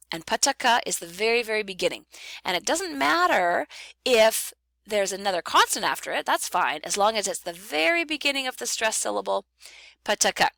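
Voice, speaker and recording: Woman phonetics instructor, patient explainer, bright gravelly voice, dry close sound. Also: mid-range voice, no room sound. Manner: patient, explanatory, repeats key terms for emphasis. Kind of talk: recorded online lecture.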